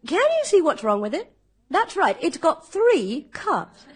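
A woman's voice: very high voice, wildly swooping pitch, a little slow. A woman presenting a comic TV segment, delivering her script playfully with laughter. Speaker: TV show presenter.

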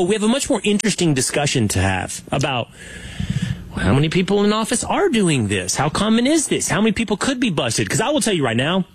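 A man hosting a loose talk show, his voice pitched high and slightly husky. He swings widely up and down as he riffs, slowing down to lean on his points. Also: dry recording. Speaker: podcast host. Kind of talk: casual talk show banter.

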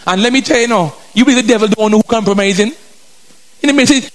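Emphatic male preacher, somewhat high voice. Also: fast talker. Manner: emphatic, repeats phrases, asks the congregation "Hello?"; drifts in and out of a colloquial vernacular. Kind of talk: sermon.

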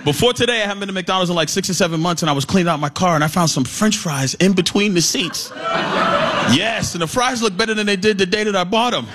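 A man doing stand-up comedy, telling his story in an animated way with laughter. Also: sits high, fast talker, background noise.

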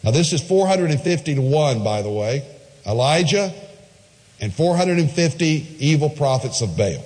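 A man's voice: a little high, expressive, moderate pace, a little mellow, long reverb tail. A man preaching a sermon, retelling a story emphatically with asides to the listeners.

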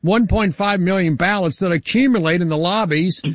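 A man's voice: high-pitched, normal speed, dry recording, clean studio sound. A man hosting a political talk radio interview, rambling with many hesitations. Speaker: radio talk show host.

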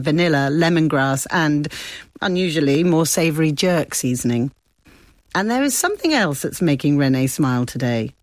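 A woman correspondent reading a scripted radio report in a measured, descriptive way. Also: low-pitched, dry recording. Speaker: foreign correspondent.

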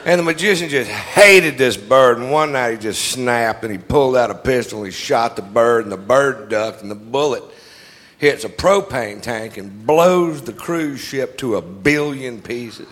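A man's voice: mid-range voice, unhurried, fairly bright tone. A man telling a joke to a group, rambling with hesitant fillers.

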